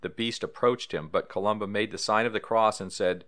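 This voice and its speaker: A man's voice: on the low side, steady tone, fairly quick, hardly any pauses, a bit bright. A man hosting a paranormal podcast, reading history and trivia aloud in a casual way with small asides. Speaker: podcast host.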